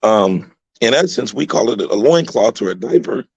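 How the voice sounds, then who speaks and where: A man who coaches high school football, telling motivational stories in a radio interview with emphatic repeats. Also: lively intonation, moderate pace, breathy edge, no room sound, low-quality recording.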